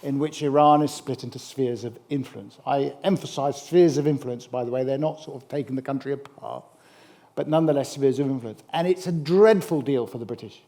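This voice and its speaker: A middle-aged man giving a public history lecture, animated and emphatic, with wry asides. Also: medium pitch, a little fast. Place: lecture hall.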